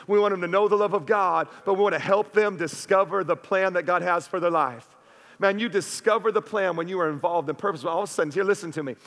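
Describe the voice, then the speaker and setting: A male pastor preaches with fervent energy in a fairly high voice, dropping "man" between phrases and checking in with "right?". His voice rings through the church with a long hall reverb. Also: fairly bright tone. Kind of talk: sermon.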